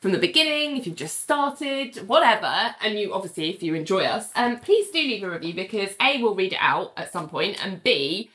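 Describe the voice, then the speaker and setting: A British woman co-hosts a casual podcast, reading out listener reviews between bursts of laughter. Her voice is bright and forceful, with plenty of ums and uhs in her easy chat. Her pitch sits mid-range for a woman. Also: sing-song, moderate pace, hardly any pauses. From Britain. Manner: chatty, laughs often, many fillers. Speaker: podcast co-host.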